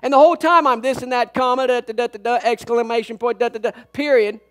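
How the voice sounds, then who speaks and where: A man's voice: very high-pitched, fairly even intonation, fast, a bit bright. A man preaching a sermon as pastor, telling funny stories and acting out the lines of people in them. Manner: storytelling with jokes and acted-out quotes. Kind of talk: humorous sermon. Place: church sanctuary.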